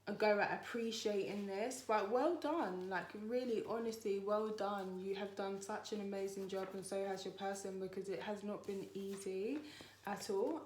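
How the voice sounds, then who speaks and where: A woman talks through a spiritual card reading with a chatty, reassuring flow, often circling back on herself. Her voice sits at a middle pitch, and the room around her echoes. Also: a little hiss or hum. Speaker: tarot reader.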